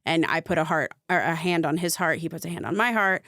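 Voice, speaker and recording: A woman's voice: low voice, quick pace, fairly bright tone, no room sound, studio quality. A young adult woman, a spiritual coach guesting on a podcast, telling a personal story in a casual, chatty way full of fillers. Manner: chatty, fillers of "like", vivid retelling.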